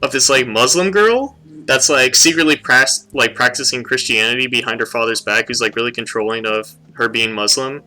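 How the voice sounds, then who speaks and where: Bright-voiced young man ranting about a film. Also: moderate pace, hardly any pauses, faint music behind. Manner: animated, swears a lot, mimics characters in high voices. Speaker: podcast co-host. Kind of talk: casual movie review chat.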